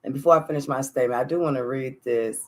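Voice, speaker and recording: A woman's voice: extremely low pitch, fast talker. A woman hosting a heartfelt solo podcast, talking earnestly and openly straight to her listeners in a casual, friendly way. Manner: casual, warm address with "y'all". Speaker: podcast host.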